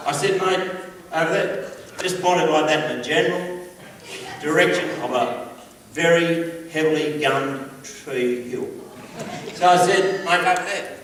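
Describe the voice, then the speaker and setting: An Australian man giving a humorous storytelling speech, animated and acting out quoted voices. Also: fairly high pitch, slow pace, long pauses. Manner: animated yarn-spinning, acts out quoted voices, laughs along. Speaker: public speaker. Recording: roomy hall, distant mic, background noise.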